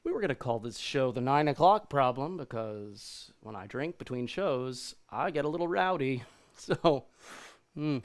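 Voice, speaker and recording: A man's voice: mid-range voice, lively intonation, unhurried. A man performing in a live-streamed theater show who keeps apologizing, getting exasperated and swearing as things go wrong. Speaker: stage performer. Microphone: video call.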